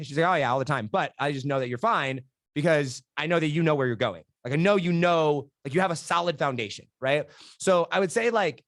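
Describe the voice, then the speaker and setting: A young man with a slightly high voice talks fast and animated as a podcast guest, peppering his stories with "like" and "right?". The sound is dry and close, with no room around it. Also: no echo. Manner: energetic, animated storytelling with many "like" and "right?". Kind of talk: candid interview conversation.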